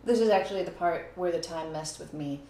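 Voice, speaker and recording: In a casual video music lesson, a woman with a lowish, mellow voice talks a little fast as she plays. Now and then she counts beats and scats short phrases aloud. The room is echoey, with faint noise.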